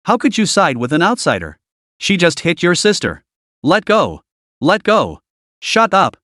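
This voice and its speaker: A man's voice: high-pitched, huge pitch swings, measured pace, a bit bright, no echo, studio quality, full character voice. A man reading an audio story recap, voicing a desperate, tearful young woman who screams and pleads.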